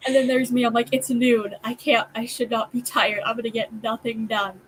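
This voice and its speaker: A woman's voice: on the high side, level tone, normal speed, slightly rough, low-quality recording. A young woman co-hosting a casual livestream chat, sounding tired and agreeable. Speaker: co-host.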